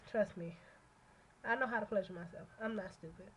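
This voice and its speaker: A woman's voice: mid-range voice, a little fast, slightly rough, rough recording. A young woman in a casual rambling vlog monologue, talking bluntly and cursing freely as she rants. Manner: blunt, profane, ranting. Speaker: vlogger.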